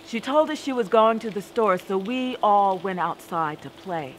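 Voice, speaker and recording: A woman performing a spoken-word story with a deliberate, dramatic delivery and rhythmic repetition. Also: medium pitch, animated, a little hiss or hum, rough recording.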